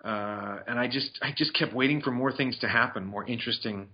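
Speaking fairly quickly in a mid-range voice, a film reviewer chats casually about movies he's watched. He rambles with fillers and restarts, and the audio has a dull lo-fi quality.

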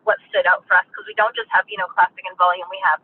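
A woman's voice: mid-range voice, level tone, very fast, a little hiss or hum. A woman being interviewed as a business owner, telling her story in a chatty way full of filler words. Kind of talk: casual storytelling. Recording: tinny phone-like line.

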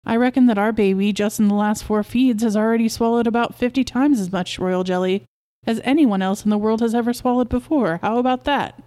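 A woman voicing an excitable, proud middle-aged beekeeper husband who coaxes and insists, in a storybook reading. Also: a little high, fairly quick, close to an everyday voice. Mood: excited.

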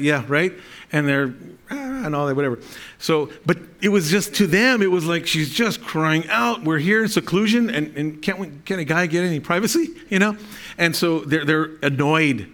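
A man's voice: fairly high pitch, a bit bright. A man preaching a sermon to a congregation. He reads scripture aloud, explains it, and often restarts his sentences. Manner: speaks to a congregation, asking for amens. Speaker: pastor.

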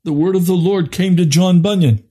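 A man preaching an impassioned sermon, swinging from low grave tones to high urgent pleading. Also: moderate pace, dark tone, husky.

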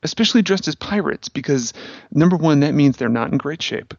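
A man's voice: fairly high pitch, expressive, brisk, gravelly, darkish tone, no room sound. Sardonic man ranting on a podcast. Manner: sardonic storyteller, lots of fillers. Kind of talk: casual chat. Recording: dry, slightly dull podcast audio.

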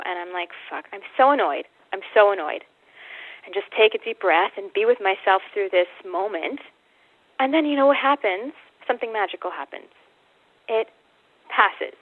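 A woman's voice: medium pitch, no room sound. A woman guest author telling a personal story candidly, acting out her own inner voice. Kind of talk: casual storytelling. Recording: dry phone-like line.

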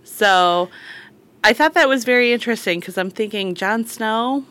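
A woman's voice: a little high, normal speed, a bit bright. A woman hosting a podcast, chatting casually, laughing often and passing on gossip.

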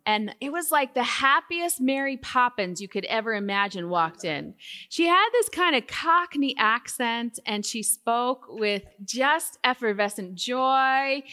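Bright-voiced woman giving a conference talk. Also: a little high. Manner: animated storytelling, lively impressions. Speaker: speaker at a Christian women's conference. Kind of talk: conference talk with personal story. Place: conference hall. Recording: hall reverb from a live venue.

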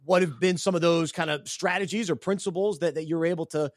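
A man hosting a podcast, asking interview questions in a halting way and repeating words as he goes. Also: on the high side, fairly even intonation, dry recording, clean studio sound. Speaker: podcast host.

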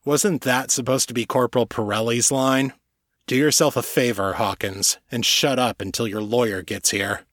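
A man's voice: mid-range voice, fairly even intonation, moderate pace, fairly bright tone, no echo, clean studio sound, natural voice. A man voicing a sardonic wolverine police captain. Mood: stern. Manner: sardonic, sighing.

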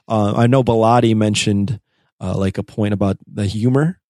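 A man's voice: on the low side, fairly even intonation, moderate pace, darkish tone, dry recording, studio quality. A young man co-hosting a casual podcast chat, speaking hesitantly with frequent restarts. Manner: hesitant, restarts often, mimics relatives. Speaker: podcast co-host.

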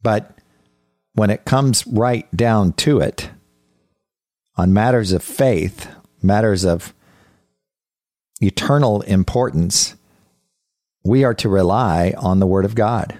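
Very deep-voiced man teaching scripture. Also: darkish tone, no echo, studio quality, soft background music. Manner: earnest, halting, frequent word restarts. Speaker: podcast Bible teacher. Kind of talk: conversational Bible teaching.

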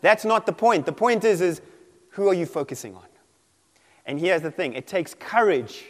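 Preacher with a high voice in a reverberant hall. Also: male voice, normal speed. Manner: animated, acts out quoted voices, laughs often. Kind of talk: sermon.

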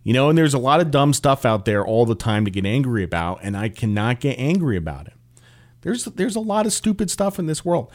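A man's voice: fairly low pitch, darkish tone. A man in his forties hosting a solo podcast from his home office, talking in a candid, opinionated way with conversational asides. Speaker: podcast host.

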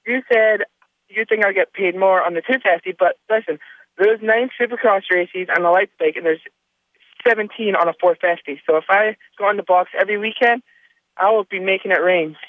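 A man's voice: sits high, fairly quick, no echo. Man on a muffled phone line. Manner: laid-back, rambling with fillers. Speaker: racer calling in as guest. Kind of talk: casual phone-in chat.

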